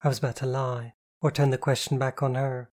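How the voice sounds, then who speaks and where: A woman reading a novel aloud in the first person, calm, slow and intimate. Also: a bass voice. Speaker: audiobook narrator.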